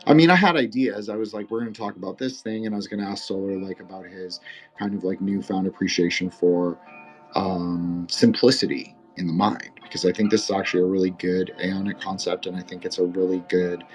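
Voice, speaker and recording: A man's voice: low-pitched, steady tone, a little fast, faint music behind. A man hosting a casual roundtable podcast, rambling, earnest and emotional, with frequent profanity. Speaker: podcast host and moderator.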